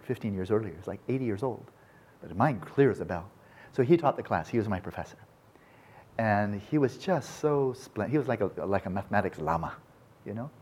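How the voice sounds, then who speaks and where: A man's voice: lowish voice, a little mellow, slightly rough. A man giving an informal, digressive lecture, often restarting his sentences and talking with enthusiasm. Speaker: speaker on Buddhism and science.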